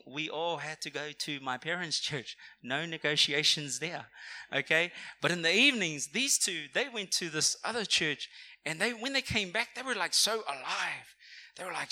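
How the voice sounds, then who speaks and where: A man's voice: a little high, normal speed. A young man preaching a sermon in a church, talking conversationally and calling on the congregation to respond. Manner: energetic, conversational, calls for audience response. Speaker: pastor. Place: church auditorium.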